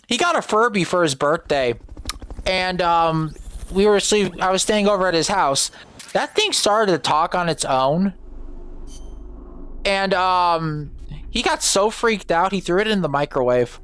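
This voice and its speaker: Slow, hesitant woman co-host. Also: lowish voice, animated, fairly bright tone, clear, resonant tone. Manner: hesitant, many filler ums. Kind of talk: casual let's-play chat.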